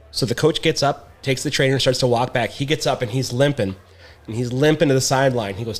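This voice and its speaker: A man's voice: mid-range voice, fast. Guy on a podcast telling funny sports stories, does the voices. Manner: animated storyteller, acts out quotes. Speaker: podcast co-host. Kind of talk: casual chat, storytelling.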